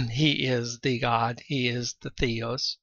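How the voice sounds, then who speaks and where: A man giving a Bible teaching lecture, reading scripture aloud between explanations and often clearing his throat, on a dull lo-fi recording. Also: medium pitch, steady tone, slow, fairly bright tone, no echo.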